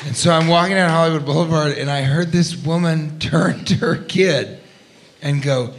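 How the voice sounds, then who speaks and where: A man hosting a live comedy podcast, riffing loudly with laughter and crude jokes from a club stage. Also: fairly high pitch, moderate pace. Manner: loud, laughing, profane riffing. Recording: live club recording with crowd noise. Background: laughing live audience.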